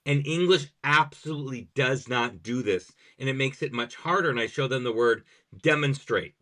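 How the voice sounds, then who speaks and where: A man's voice: medium pitch, normal speed, sharp tone. Man, podcast host, language teacher, explanatory, step-by-step examples, conversational.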